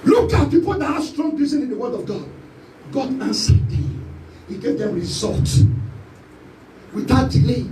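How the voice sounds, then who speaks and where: High-voiced Nigerian preacher, echoey hall. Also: male voice, animated, a little fast, far from the mic, a little hiss or hum. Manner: preaching with sweeping pitch and shouted calls. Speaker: pastor. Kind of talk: sermon. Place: church hall. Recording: echoey church hall, voice from off-mic.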